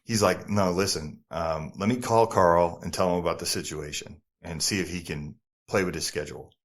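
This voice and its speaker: A middle-aged man with a New Jersey accent tells a story from his past to a podcast host. His voice sits low, and he keeps the story moving with profanity and quick impressions of the people in it. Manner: animated, profane, acts out other people's lines. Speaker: podcast guest, former model. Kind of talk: casual storytelling interview.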